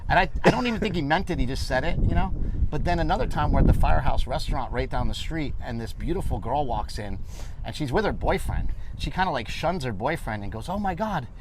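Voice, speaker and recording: A man guest telling animated stories in a casual chat, laughing often as he goes. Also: mid-range voice, fast talker, background noise.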